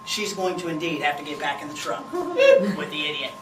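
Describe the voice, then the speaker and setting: A woman's voice: sits low, big pitch swings, moderate pace, a crowd in the background. A woman telling a funny story, laughing as she goes. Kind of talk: humorous spoken storytelling. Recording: roomy, distant, noisy.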